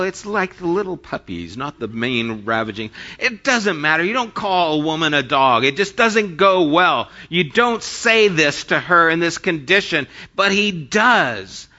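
Slow, bright-voiced male preacher. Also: high-pitched, lo-fi sound. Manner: reads scripture aloud, then retells it in plain everyday speech. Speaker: pastor. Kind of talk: sermon.

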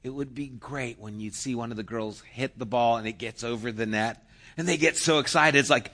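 A man preaching a sermon, slow and emphatic, rising into loud cheering bursts. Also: mid-range voice. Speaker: pastor.

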